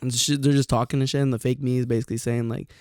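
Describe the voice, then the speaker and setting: A young man co-hosting a podcast, telling stories in a casual, profane, animated way and acting out the quotes. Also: mid-range voice, rapid-fire, clean tone, no echo, studio quality. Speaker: podcast co-host. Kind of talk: casual storytelling chat.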